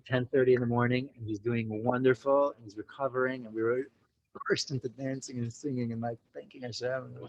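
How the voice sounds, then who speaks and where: A man's voice: mid-range voice, a little hiss or hum, poor audio. A man from the United States, a podcast guest, telling a story casually and animatedly. He acts out quotes, fills his talk with "like" and "you know", and mixes in Yiddish and Hebrew religious terms. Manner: peppers speech with "like" and "you know".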